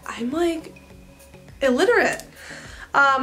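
A woman's voice: on the high side, expressive, a little slow, a bit bright, soft background music. Bubbly chatty young woman vlogging. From Central Illinois. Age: 20s. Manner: bubbly, chatty, self-mocking. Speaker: hairstylist. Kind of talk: casual vlog chat.

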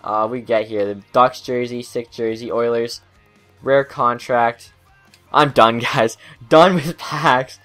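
A man's voice: medium pitch, slow pace, soft background music. A young man hosting a gaming video, commenting on pack openings, getting hyped and then cursing his bad luck. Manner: excitable, swearing, groaning at bad luck. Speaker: gaming channel host.

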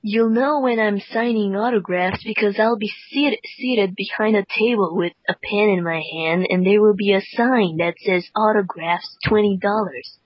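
A woman's voice: mid-range voice, husky, dry recording, close to an everyday voice. A woman voicing a pompous, self-important male comic artist in a comic read-through over a call, speaking haughtily. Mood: haughty. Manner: haughty, disdainful, slow deliberate delivery. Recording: dull lo-fi call audio.

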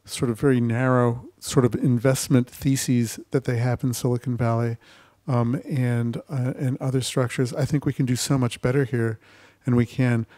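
A man speaking as an investor on a festival panel discussion, talking with lively storytelling and acting out quotes. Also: medium pitch, normal speed, hardly any pauses. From United States. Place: festival stage.

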